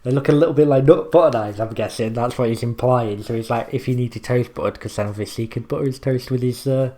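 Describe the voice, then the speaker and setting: Young male reactor, rambling and casual, swears, mid-pitched. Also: quick pace, mellow. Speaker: reaction video host.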